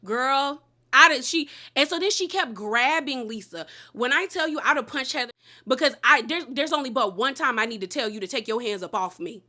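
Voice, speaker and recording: A woman recaps a reality show episode in a casual, slangy way, animated and emphatic. Her voice sits a little high and sounds bright and forceful. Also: fairly quick.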